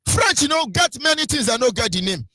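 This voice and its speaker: A man's voice: extremely high pitch, sing-song, a little fast, pushed and bright, dry recording, faint music behind. A Nigerian man hosting a radio talk, preaching about culture and slipping into pidgin and sing-song mimicry. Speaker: radio host.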